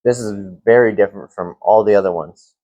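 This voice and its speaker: A young man reviewing fragrances in a casual vlog, relaxed and rambling with lots of fillers. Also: on the low side, brisk, no room sound.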